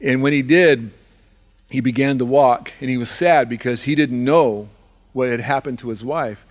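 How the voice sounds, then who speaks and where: A man's voice: medium pitch, normal speed. A man telling a traditional animal story live, in a repetitive rhythmic way with restarts. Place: live fundraiser event.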